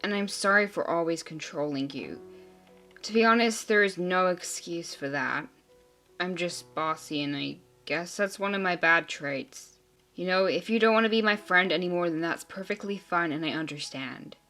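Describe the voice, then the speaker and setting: A woman's voice: lowish voice, pushed and bright. A woman voicing several teenage girls in an amateur drama, talking in an emotional, earnest and sulky way. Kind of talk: amateur teen drama acting.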